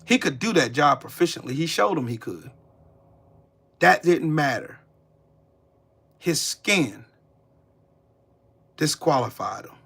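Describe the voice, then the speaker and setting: A man's voice: a little high, expressive, takes it slowly, vocal fry, long pauses, fairly bright tone, husky. Profane, heated male livestream host. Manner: profane, heated, talks back to chat. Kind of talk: angry live-stream rant.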